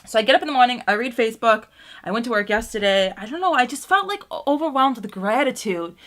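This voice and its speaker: A young woman talks fast and animatedly in a fairly bright, higher-pitched voice while doing her makeup at home. Her casual get-ready-with-me vlog rambles with plenty of fillers as she talks about being grateful, occasionally close to tears.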